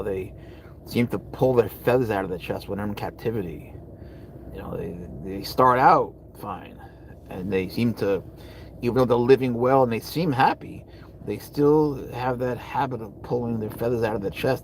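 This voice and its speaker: A man's voice: mid-range voice, slight background noise, poor audio. A man hosting a casual livestream, rambling as he answers viewers' comments and trailing off into mutters, speaking from a parked car. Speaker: livestream host. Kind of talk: casual live chat with viewers.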